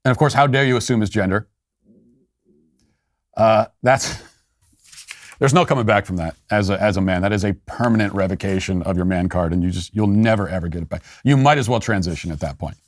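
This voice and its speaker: A man's voice: lowish voice, brisk, no echo. A man hosting a commentary show, talking casually with sarcastic, wry asides. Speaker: podcast host.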